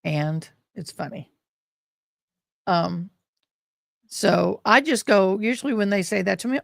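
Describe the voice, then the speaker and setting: A woman's voice: mid-range voice, expressive, takes it slowly, gravelly, pauses often, dry recording, studio quality. A woman hosting a live stream in a rambling, chatty way. She is short of breath and breaks off to sigh and cough. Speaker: livestream host. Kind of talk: casual live-stream chat.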